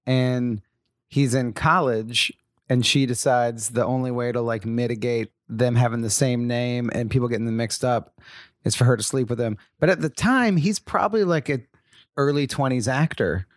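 A man's voice: medium pitch, moderate pace, no room sound, clean studio sound. A man co-hosting a podcast, talking in an enthusiastic, emphatic way. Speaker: podcast co-host. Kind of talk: casual chat.

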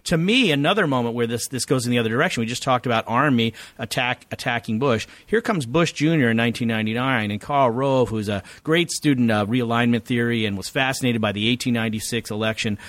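A man's voice: medium pitch, fast, few pauses, fairly bright tone, no room sound. A male author and political scientist answering interview questions in long, lecturing explanations.

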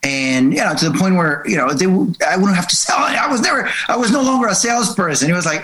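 A man's voice: high-pitched, very animated, fast talker, fairly bright tone, rough recording. A man who is a marketing consultant, explaining his approach earnestly in a casual interview, repeating words and using many fillers.

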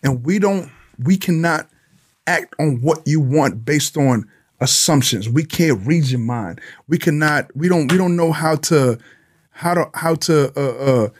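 A man's voice: fairly high pitch, unhurried. A man, a police sergeant from Honduras, talks emphatically in an interview, repeating pointed questions and acting out mock exchanges. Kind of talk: animated interview talk.

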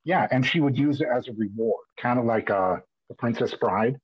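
Man, husky, dry lo-fi sound, emotional storytelling, podcast guest. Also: medium pitch, moderate pace, no room sound. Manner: emotional, animated retelling with repeated restarts. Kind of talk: candid conversational storytelling. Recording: dull lo-fi audio.

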